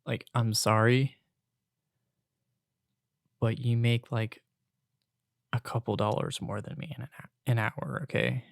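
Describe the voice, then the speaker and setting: A man's voice: mid-range voice, fairly even intonation, slow, creaky, pauses often, no echo, studio quality. A young man hosting a podcast solo, venting in an exasperated, casual rant with some swearing. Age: young adult. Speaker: podcast host.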